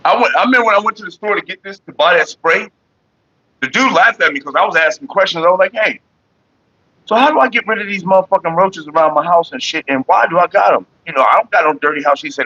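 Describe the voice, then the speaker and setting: A man from Florida streaming casually from his computer desk, cussing and ranting loudly. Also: sits high, animated, normal speed. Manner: profane, cussing out bugs. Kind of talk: casual livestream rant. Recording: dull lo-fi stream audio.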